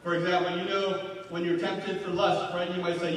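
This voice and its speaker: A high-voiced man preaches in a loose, conversational way, often tagging "right?" onto his lines. He sounds distant from the mic, with heavy hall reverb and a faint hiss behind him. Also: flat delivery, brisk, hardly any pauses. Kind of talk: sermon. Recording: echoey hall from far off with faint noise.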